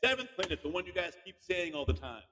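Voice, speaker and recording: In a large hall, a man with a high-pitched, fast voice hosts a podcast with two children. He quizzes them playfully, teasing and cheering them on in an animated, fun kids' quiz chat.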